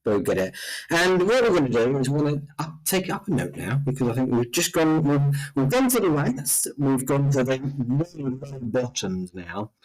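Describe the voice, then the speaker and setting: A man's voice: mid-range voice, big pitch swings, moderate pace, darkish tone, poor audio. A middle-aged man with a London accent, co-hosting a podcast in casual chat and rambling with lots of fillers. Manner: rambling, heavy on "you know" fillers. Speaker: podcast co-host.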